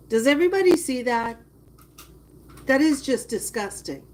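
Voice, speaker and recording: A woman giving casual live-stream commentary, chatting with viewers and reacting with drawn-out disgust. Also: high-pitched, lively intonation, a little mellow, slight background noise. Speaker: livestreamer.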